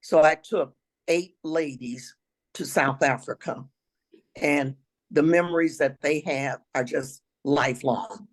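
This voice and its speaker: An older woman with a raspy voice, a retired teacher telling travel stories as an interview guest, now and then clearing her throat. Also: sits low, takes it slowly, low-quality recording. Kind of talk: storytelling interview answers.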